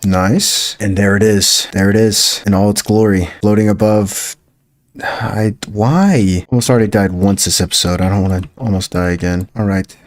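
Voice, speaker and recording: Excitable man narrating his gameplay. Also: on the low side, moderate pace. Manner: excitable, thinks aloud, hums tunes. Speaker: gaming YouTuber. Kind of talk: let's play commentary. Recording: game music behind voice. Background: game music.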